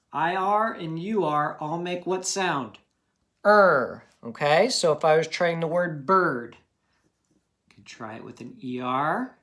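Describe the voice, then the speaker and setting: A man's voice: fairly high pitch, a bit bright. A man teaching a phonics lesson to children, patient and encouraging, checking in often with "okay?".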